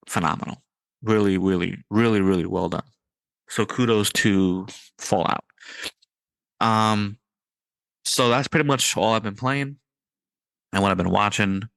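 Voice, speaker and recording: A man hosting a podcast in casual chat, excited and riffing, with his voice jumping up on punchlines. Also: sits low, no room sound. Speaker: podcast host.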